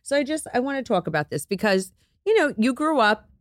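A woman hosting an interview, asking halting questions that are full of fillers. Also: a little high, sing-song, no echo, clean studio sound. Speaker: podcast host. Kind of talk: conversational interviewing.

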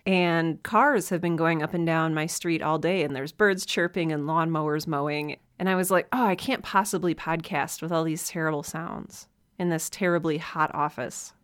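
A woman's voice: low voice, fairly even intonation, moderate pace, dry recording, studio quality. A woman with a Midwestern American accent hosting a casual solo podcast from her home office, chatty and self-deprecating, laughing often. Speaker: podcast host. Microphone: desk mic.

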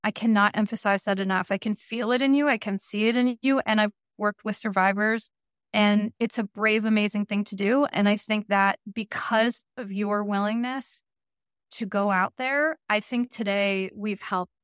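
A woman's voice: mid-range voice, fairly even intonation, normal speed, fairly bright tone, clear, resonant tone, no room sound, studio quality. A woman guest therapist on a podcast, speaking in an earnest, emphatic and reassuring way. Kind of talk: podcast conversation.

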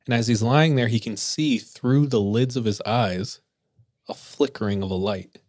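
A man hosting a podcast, telling ghost stories in a relaxed way with lots of filler words. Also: mid-range voice, no room sound, clean studio sound. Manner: relaxed, filler-heavy, laughs easily. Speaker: podcast host. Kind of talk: casual spooky storytelling.

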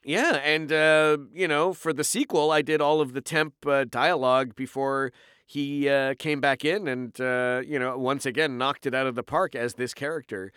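Here the Canadian voice-actor guest has a smooth, medium-pitched voice at a normal pace. In a relaxed interview he tells lively booth stories, now and then breaking into impressions, and the recording is dry and of studio quality.

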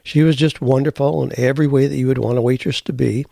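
A middle-aged man hosting a show, telling stories in a folksy, animated way. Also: mid-range voice, fast talker, creaky, dry recording, clean studio sound. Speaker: podcast host. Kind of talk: casual storytelling.

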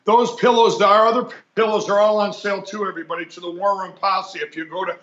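A man calls in as a guest and pitches products. His voice sits high and sounds bright. He rambles and restarts, and the audio is dull and roomy, like a phone-in. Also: flat delivery. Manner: rambling, halting, salesman-like. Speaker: guest business owner. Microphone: phone line.

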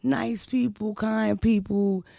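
A young woman hosting a casual podcast chat, loud, brash and profane, with animated whoops. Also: medium pitch, slow, gravelly, dry recording, clean studio sound. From Philadelphia. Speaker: podcast host.

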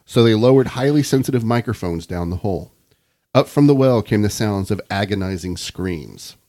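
Man, low voice, podcast host, reads a spooky story from notes, laughs a lot. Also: expressive, moderate pace, dark tone. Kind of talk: casual chat, reading a story aloud.

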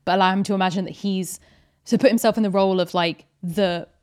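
A woman's voice: medium pitch, steady tone, fast, darkish tone. A woman co-hosting a podcast, talking through a film in a thoughtful, analytical way with frequent "like" fillers. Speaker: podcast co-host. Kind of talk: casual film discussion.

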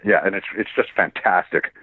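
An older man, a voice actor, talking in a rambling and laughing way in a casual interview, swearing freely and tiring his voice quickly. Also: low-pitched. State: gets hoarse quickly. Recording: tinny phone-line sound, dry.

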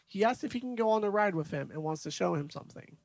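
A man's voice: sits high, lively intonation, fast, creaky, no room sound. A man co-hosting a podcast, casually recapping a movie's scenes from his notes. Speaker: podcast co-host.

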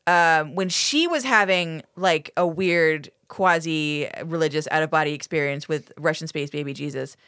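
A woman's voice: sits low, normal speed, hardly any pauses, a bit bright, clear, resonant tone, no echo, studio quality. A woman co-hosting a podcast, recapping an episode in casual, chatty talk, sarcastic and full of swearing. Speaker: podcast co-host. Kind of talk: casual chat.

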